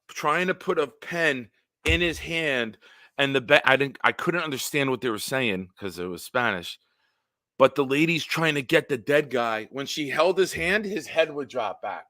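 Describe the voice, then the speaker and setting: A man hosting a casual solo livestream, telling stories in a rambling, animated way with big swings in loudness. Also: a little high, moderate pace, no echo, clean studio sound. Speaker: livestream host.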